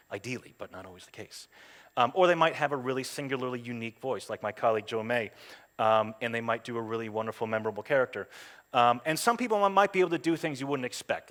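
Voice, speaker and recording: A man who works as a voice actor, giving a chatty, anecdotal talk at a game event with lots of ums and quick voiced asides. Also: mid-range voice, a bit bright. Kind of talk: conference talk. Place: stage at a game jam event.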